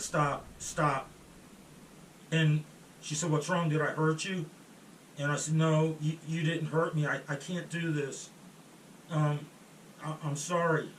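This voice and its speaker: Slow, halting man in an echoey room. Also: on the high side. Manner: halting, with restarts and trailing pauses. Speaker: storyteller. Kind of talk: first-person storytelling monologue. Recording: roomy echo, distant mic, faint room noise.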